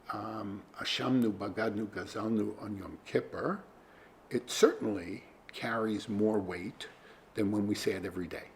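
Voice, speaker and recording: A man teaching a religious study class, speaking in a halting, conversational way with many fillers. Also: on the low side, creaky, slight background noise. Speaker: Torah teacher.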